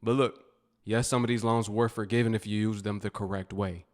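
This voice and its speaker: A man's voice: lowish voice, steady tone, fairly quick. A man reacting to clips as a commentator, blunt and mocking.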